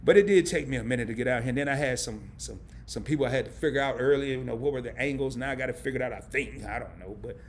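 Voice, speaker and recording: A man's voice: mid-range voice, racing, hardly any pauses, a little hiss or hum. A middle-aged man from a small town in Arkansas, hosting a live stream and chatting casually in a joking, rambling way. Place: indoors under camera lights.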